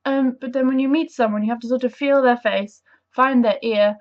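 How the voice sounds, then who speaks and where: A woman's voice: high voice, steady tone, normal speed. A young woman chatting to camera in a casual vlog, bubbly and enthusiastic, rambling with self-deprecating asides. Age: young adult. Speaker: vlogger. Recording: dull lo-fi camera audio.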